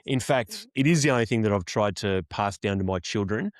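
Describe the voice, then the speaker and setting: An Australian man in his forties co-hosting a sports podcast, with a fairly low voice and a mock-solemn, self-deprecating way of talking. He calls his co-host "mate" again and again. The recording is dry and close, with little room sound. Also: a little fast, no echo. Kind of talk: casual sports podcast chat.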